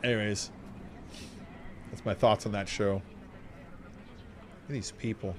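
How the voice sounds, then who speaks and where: A man streaming a video game, chatting casually in a rambling, profane, animated way. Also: on the low side, measured pace, noisy background. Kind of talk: casual gameplay commentary.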